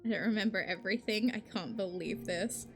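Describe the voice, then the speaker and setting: A woman streamer chatting casually while playing a game, animated and rambling, laughing often. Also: mid-range voice, brisk, music in the background.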